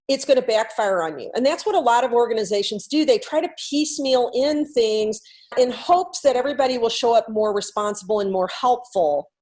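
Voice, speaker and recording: A woman coach telling a classroom story in a lively, conversational talk, explaining her ideas through questions. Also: on the high side. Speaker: workplace culture coach.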